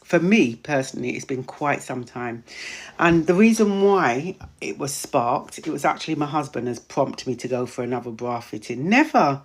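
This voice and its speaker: A woman host, a menopause wellness practitioner, chatting casually on a live stream, greeting viewers by name, repeating herself, her voice starting to go hoarse. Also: extremely low pitch, lively intonation, moderate pace. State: voice going hoarse.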